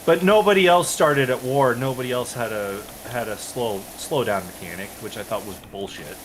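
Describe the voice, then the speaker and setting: A man's voice: mid-range voice, moderate pace, noisy background. A man on a co-op game stream telling a long, exasperated story in casual chat, swearing freely and restarting his sentences.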